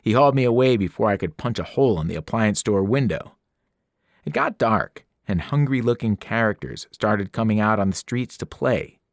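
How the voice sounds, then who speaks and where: Expressive man reading a novel aloud. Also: lowish voice, moderate pace, dry recording, studio quality. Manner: expressive first-person narration with character voices. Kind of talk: audiobook narration.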